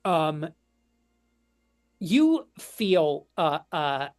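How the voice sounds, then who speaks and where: Brief: low-voiced woman game master, halting, unhurried tabletop narration. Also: very animated, a little mellow.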